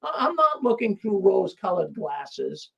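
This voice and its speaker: A man hosting a live call-in show, talking excitedly with many stumbling restarts. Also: high voice, moderate pace, vocal fry, breathy edge, poor audio.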